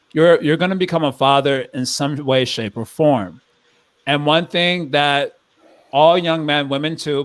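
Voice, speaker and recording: A young man hosting a casual podcast chat, talking in a thoughtful, rambling way with many restarts. His voice sits at a middle pitch. The sound is close and dry, with no room around it. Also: no room sound. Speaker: podcast host.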